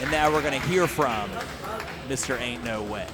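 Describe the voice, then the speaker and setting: A man's voice: mid-range voice, moderate pace, heavy background noise. A male wrestling commentator calling the show in a hyped broadcaster delivery. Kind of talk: play-by-play commentary. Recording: loud crowd behind the commentary.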